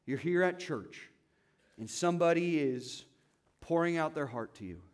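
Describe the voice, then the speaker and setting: High-voiced man preaching a sermon. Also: lively intonation, a little slow. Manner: conversational, asks the congregation questions. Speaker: pastor. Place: church.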